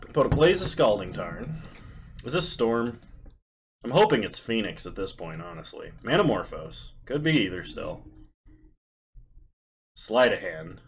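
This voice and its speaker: A man's voice: fairly low pitch, very animated, a little slow, creaky, long pauses, a little hiss or hum. A man streaming himself playing an online card game, calling out each play in short clipped phrases as he goes. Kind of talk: live commentary on his own card game.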